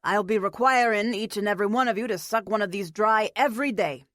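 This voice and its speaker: A woman voicing an awkward, apologetic young man, lowering her voice for him in an audiobook reading. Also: brisk, a bit bright, no room sound, studio quality, natural voice. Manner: earnest, sheepish.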